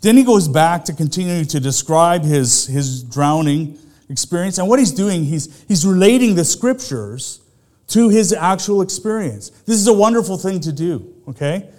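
This middle-aged pastor has a high-pitched, darkish voice with lively intonation and normal speed. He preaches a conversational sermon, asking his congregation plenty of rhetorical questions.

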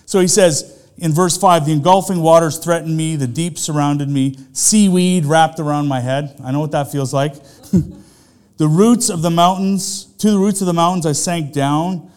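A man's voice: a little high, normal speed, a little mellow, clean tone. A middle-aged man, a pastor, preaching a sermon in a conversational way, full of rhetorical questions to the congregation.

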